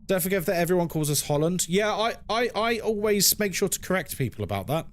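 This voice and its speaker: A man's voice: sits high, animated, brisk, hardly any pauses. A man streaming a game, chatting playfully and reading chat messages aloud. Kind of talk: casual live-stream chat.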